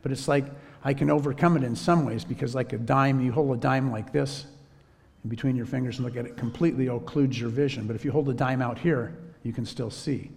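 A man preaching a sermon as a story, in a relaxed conversational way. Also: medium pitch, a little fast, gravelly, in a large hall. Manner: conversational, drops to a whisper when quoting himself.

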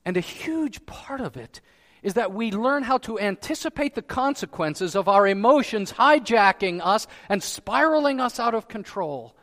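A man preaching a sermon as pastor, asking rhetorical questions and rising to loud emphasis. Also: high voice, lively intonation, moderate pace, long reverb tail. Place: church sanctuary.

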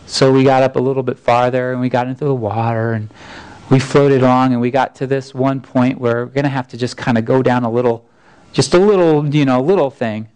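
Earnest pastor, smooth-voiced. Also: male voice, mid-range voice, fairly even intonation, brisk, darkish tone, poor audio. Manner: earnest, folksy, with frequent restarts. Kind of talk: conversational sermon storytelling.

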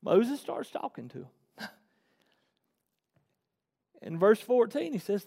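A man preaching a sermon as the pastor, swinging between loud emphatic preaching and quiet conversational asides. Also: high-pitched, very animated, takes it slowly, gravelly, long pauses, big-room sound.

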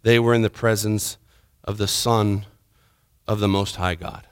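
Retelling a scripture story in a sermon, a man swings dramatically from loud, urgent moments to hushed, quiet ones. His voice is on the low side with a steady, clean tone and a measured pace, recorded in a clean studio with no room sound.

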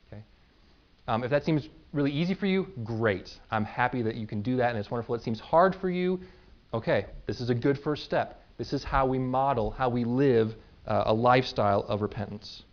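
A man's voice: mid-range voice, expressive, normal speed. A man in his thirties, a pastor giving a sermon in an easy conversational way, often checking in with "right?" and "okay?". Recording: dull lo-fi recording.

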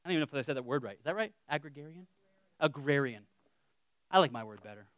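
A man preaching a casual, humorous sermon, animated, with self-deprecating asides that trail off quietly. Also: mid-range voice, very fast, no room sound.

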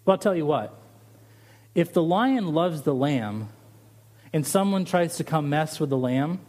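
A middle-aged man preaching a sermon as pastor, animated and lively, his voice rising on rhetorical questions. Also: a little high.

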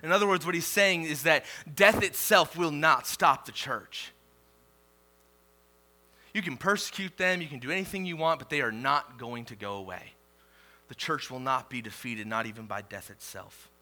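A male pastor preaching a sermon, reading scripture slowly and swelling loud on key declarations before dropping quiet. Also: fairly high pitch. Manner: reads scripture slowly and deliberately.

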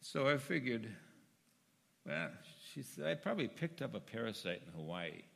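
An older man giving a personal testimony to his congregation, telling the story earnestly and moving between quiet and loud, emphatic passages. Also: mid-range voice, big pitch swings, moderate pace, vocal fry, big-room sound. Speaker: church member speaking to his congregation. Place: church sanctuary.

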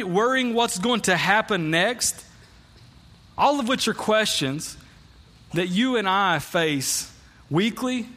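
Male pastor, high bright voice, relaxed storytelling sermon with many restarts. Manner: conversational storytelling, frequent restarts. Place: church.

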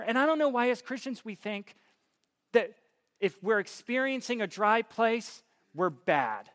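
A young man preaching a conversational sermon, stumbling over repeated words and building up to forceful emphasis. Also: high voice, animated, moderate pace.

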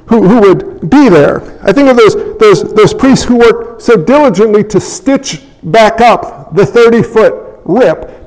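A man preaching a sermon as a pastor, in an animated way, acting out scenes and little voices as he goes. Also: sits high. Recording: long hall reverb.

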